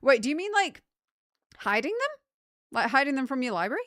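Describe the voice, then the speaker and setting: A woman's voice: high voice, sing-song, brisk, a bit bright, no room sound, clean studio sound. A young woman streamer chatting casually with her live chat and telling rambling stories full of fillers.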